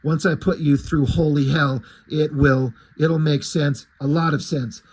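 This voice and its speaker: A man voicing a grim, gruff male comic-book vigilante, curt and commanding, in a low husky growl. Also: steady tone, unhurried, darkish tone. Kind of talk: dramatic reading of comic dialogue.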